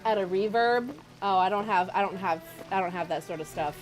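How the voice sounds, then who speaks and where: A woman's voice: medium pitch, fairly quick. A woman streamer chatting casually with her viewers, giggly and self-mocking. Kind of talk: casual game-stream chat. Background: game music.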